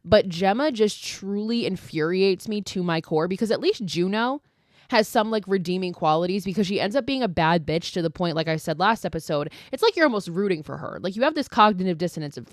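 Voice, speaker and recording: A woman's voice: fairly low pitch, dry recording, clean studio sound. A woman hosting a podcast, retelling a horror movie in a casual, profane, ranting way, full of fillers. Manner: filler-heavy storytelling. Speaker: podcast host.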